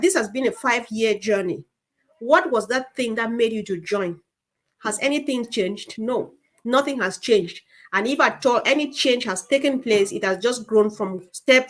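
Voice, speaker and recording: A woman's voice: fairly high pitch, fairly bright tone. A woman from West Africa speaking with enthusiasm and emphasis as co-host of an online panel discussion.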